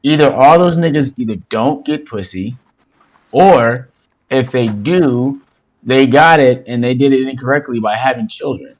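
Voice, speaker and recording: A man's voice: medium pitch, a little slow, poor audio. A young man on a podcast, telling stories in a blunt, profane, casual way. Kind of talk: casual chat.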